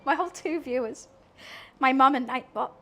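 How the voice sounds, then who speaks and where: In her home kitchen, a young woman keeps up casual chatter with her live stream audience as she cooks, joking at her own expense and laughing a lot. She has a high, fairly bright voice and speaks at a normal speed.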